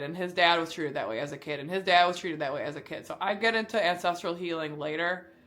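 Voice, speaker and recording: A young woman shares her own past in a personal vlog, talking straight to the camera. She tells it candidly and with energy, briefly acting out the people she quotes. Her voice sits a little on the low side. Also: fairly bright tone. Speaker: vlogger.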